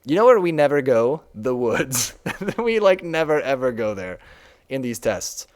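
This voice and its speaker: A man's voice: medium pitch, sing-song, a little slow. A young man casually walking through his own game on a live stream, chatty and laughing often.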